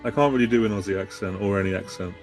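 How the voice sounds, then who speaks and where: A man's voice: on the low side, very fast, over music. Sardonic male podcast guest. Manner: sardonic, jokey. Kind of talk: casual comic chat.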